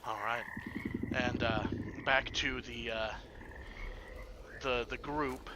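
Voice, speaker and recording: A man running a tabletop game, speaking slowly and pausing often between hesitant phrases. A clear hiss of noise sits under his voice. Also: medium pitch, fairly even intonation. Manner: hesitant, many fillers. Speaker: game master.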